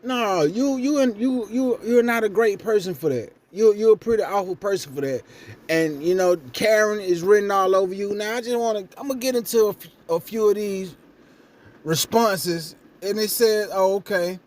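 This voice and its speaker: Vlog host, young man, high pitch, casual and blunt, gets loud when worked up. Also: moderate pace. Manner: blunt, profane, rising when indignant. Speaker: commentary vlogger. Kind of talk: casual reaction commentary.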